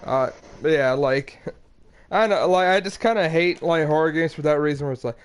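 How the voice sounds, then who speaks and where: Brief: fairly high young male voice, rambling let's-play talk. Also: brisk, clean tone. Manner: rambling, filler-heavy explaining. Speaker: game player. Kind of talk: casual let's-play commentary.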